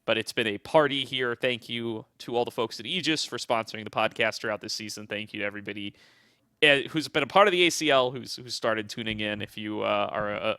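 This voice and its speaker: A young man hosting an esports podcast in a casual, upbeat way, laughing often and wrapping up with quick sign-off patter. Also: lowish voice, pushed and bright, clean tone, no echo, studio quality. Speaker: podcast host.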